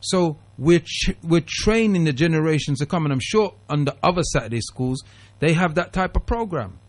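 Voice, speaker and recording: A man hosting a radio phone-in, cutting in to calm his caller and then explaining at length. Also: on the high side, normal speed. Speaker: radio talk show host.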